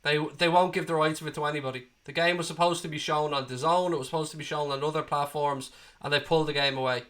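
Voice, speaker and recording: Irish man, late thirties, blunt sweary stream host, bright forceful voice, slightly high. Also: fairly even intonation, quick pace. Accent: Irish, Dublin. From Ireland. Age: 30s. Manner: blunt and sweary, talks straight to chat. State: has a cold. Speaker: livestream host. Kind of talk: live football watchalong chat.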